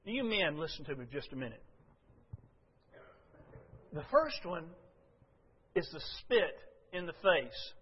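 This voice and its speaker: A man preaching a sermon in a high, bright voice, his delivery swelling with passion. The sound is dull and lo-fi, with a long reverb ringing through a church hall. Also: very animated, takes it slowly, pauses often, husky. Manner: impassioned, rising loud when quoting Jesus.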